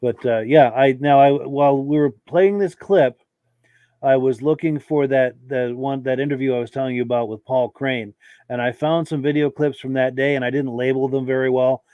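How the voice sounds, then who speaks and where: A man's voice: medium pitch, fairly even intonation, normal speed, dry recording, narrow, tinny audio. Man, podcast host, casual and friendly, reads comments, dry close sound. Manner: easygoing, frequent filler words, thanks viewers. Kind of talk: live podcast chat, reading viewer comments.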